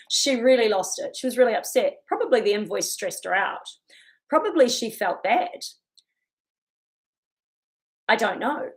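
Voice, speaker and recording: A woman giving a chatty motivational talk, laughing often as she goes. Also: medium pitch. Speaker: self-help speaker.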